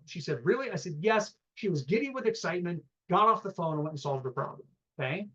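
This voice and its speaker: A man's voice: high-pitched, animated, fast, fairly bright tone, dull audio. A man teaching a live real estate seminar, telling stories and acting out both sides of phone calls, often asking the room questions.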